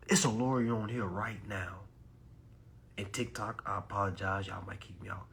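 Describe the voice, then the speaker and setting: A man, ranting loudly and preachily about banks, lawyers and people's rights, swearing as he goes. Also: sits low, normal speed, vocal fry, a little hiss or hum. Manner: loud, animated, preachy, swearing, mocking voices. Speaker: consumer advice live streamer. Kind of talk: heated ranting talk.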